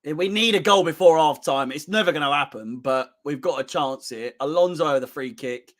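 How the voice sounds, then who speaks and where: A hoarse man, hosting a live match watchalong for a fan channel, swearing heavily and swinging between low muttering and screaming. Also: brisk.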